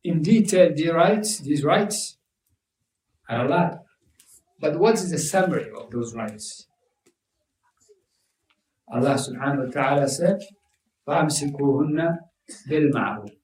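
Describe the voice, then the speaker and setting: A man's voice: on the high side, expressive, measured pace, pauses often, a little mellow. A man preaching a sermon to a congregation, emphatic and repetitive, mixing Arabic religious terms into his English. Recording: echoey room, mic at a distance.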